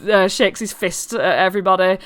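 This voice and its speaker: A woman running a tabletop game, narrating scenes in a lively, giggly way. Her voice sits in the middle range, and she fills the gaps with lots of "um"s and "like"s. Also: medium pitch, a little fast, clean tone. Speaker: game master.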